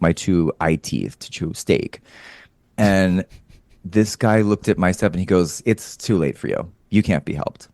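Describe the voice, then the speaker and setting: A man in casual chat, an animated storyteller who swears and laughs often. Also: deep voice, no echo. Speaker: podcast guest, comedian.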